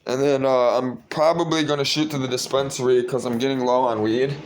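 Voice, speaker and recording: Talking a little fast in a mid-range voice, this young vlogger addresses the camera casually, preaching and rambling and repeating words while searching for what comes next. Retelling a story makes him loud and excited. There's a little hiss or hum on the audio.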